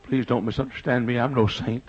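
A middle-aged man preaches a revival sermon, his voice husky and a little rough. He builds into shouted, rising phrases. The recording sounds dull and lo-fi. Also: mid-range voice, steady tone, a little fast. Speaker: pastor.

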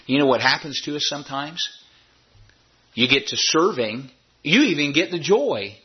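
A man preaching a sermon as pastor, emphatic, his voice jumping high when he imitates doubters. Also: lively intonation, normal speed, breathy edge, muffled recording.

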